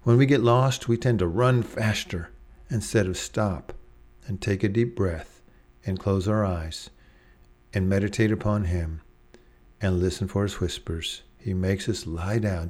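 A man preaching a devotional sermon in a gentle, reflective way, slowing down to stress single words. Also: on the low side.

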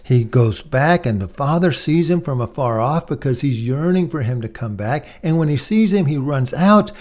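A man's voice: medium pitch, animated, moderate pace, darkish tone. A man preaching a sermon, earnest and emphatic, speaking directly to his listeners as friends.

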